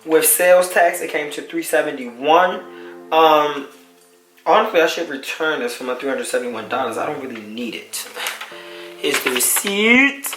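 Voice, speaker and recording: A man's voice: a little high, normal speed, fairly bright tone. Rambling joking young man vlogging. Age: 20s. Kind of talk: casual unboxing vlog. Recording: roomy echo, faint music.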